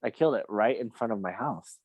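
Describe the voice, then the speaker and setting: A man tells what he sees during a regression session in a loose, casual way. His pitch swings widely as he laughs and acts out quoted lines. The sound is dry and close. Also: animated, brisk, husky, no room sound, narrow, tinny audio. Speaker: regression client. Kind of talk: recounting a hypnosis session.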